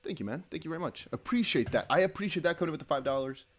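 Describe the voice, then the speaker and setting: A man's voice: on the high side, expressive, racing. Chatty young man hosting a livestream. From Netherlands. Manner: chatty, laughing, rambling with restarts. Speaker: crypto livestream host. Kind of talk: casual livestream chat reading donations.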